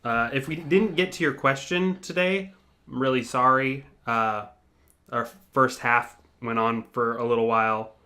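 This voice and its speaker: A man's voice: mid-range voice, measured pace, bright, forceful tone. A man co-hosting a casual podcast chat in an easygoing, hesitant way. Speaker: podcast co-host.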